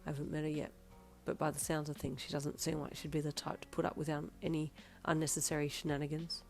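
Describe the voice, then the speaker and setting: A woman voicing a sly, teasing young man in a low, hushed tone. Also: little pitch movement, quick pace, faint music behind.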